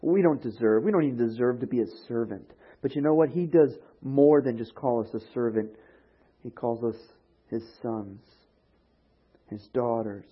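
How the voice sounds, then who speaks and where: A man preaching a sermon as pastor, telling a story with lively animation and acting out the voices of the people in it. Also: medium pitch, moderate pace, husky. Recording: dull lo-fi recording.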